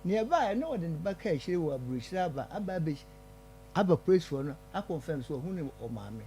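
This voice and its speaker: A man's voice: fairly high pitch, quick pace, slight background noise. A man calling in to a radio show, retelling a family matter at length. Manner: lively, retelling events at length. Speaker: caller. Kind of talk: call-in phone story.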